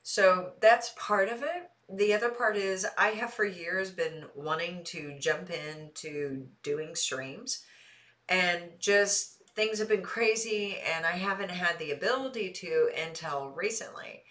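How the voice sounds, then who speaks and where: A woman with a somewhat low voice and a Midwestern accent softened by a light Texas twang, chatting with her stream audience. She talks in a loose, animated way and laughs easily between thoughts. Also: slow pace. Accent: Midwestern with a light Texas Southern twang. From American Midwest. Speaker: streamer answering chat. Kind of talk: casual live-stream chat.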